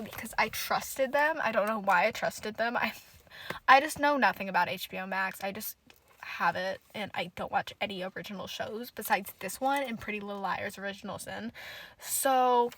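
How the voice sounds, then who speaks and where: A woman's voice: medium pitch, a bit bright, no room sound, rough recording. A young woman hosting a casual solo podcast, rambling and swearing freely as she rants in frustration. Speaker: podcast host.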